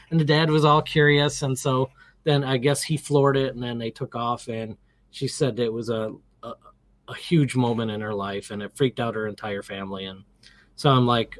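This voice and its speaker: A man's voice: medium pitch, normal speed, no echo. Man, middle-aged, interview guest, casual storyteller, acts out quotes, dry close sound. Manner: animated, acts out quotes, many restarts.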